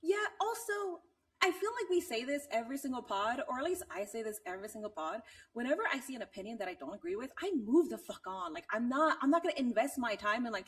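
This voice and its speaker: Lively animated woman podcaster, a bit off-mic. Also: a little high, breathy edge, distant mic. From Latina. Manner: animated, swearing, laughing often. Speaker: podcast co-host. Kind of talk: casual chat.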